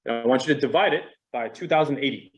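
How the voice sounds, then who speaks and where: A middle-aged man leads a casual training session for a roomful of agents. His pitch sits in an ordinary middle range, and his delivery is animated and conversational. He is easy and self-deprecating as he talks. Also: fast, dull audio. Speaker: real estate trainer.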